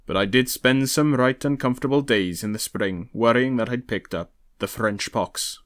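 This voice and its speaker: A man reading aloud, voicing an earnest young prince who speaks in a measured, wry way. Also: mid-range voice, fairly bright tone, no room sound, clean studio sound, close to an everyday voice.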